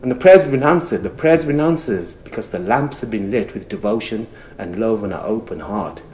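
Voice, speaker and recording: A man storyteller telling a folk tale to a camera, building rhythm through repeated phrases and dropping to soft murmurs. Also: lowish voice, expressive, brisk, slight background noise.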